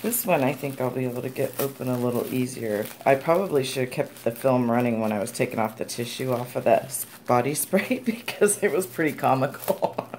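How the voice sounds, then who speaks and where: A woman's voice: rumbling low, animated, brisk, a little mellow, slight background noise. A woman vlogger chatting casually as she opens gifts, gushing and chatty and sounding tired. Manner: gushing and chatty, squeals and laughs often. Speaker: crafting vlogger. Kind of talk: casual unboxing vlog.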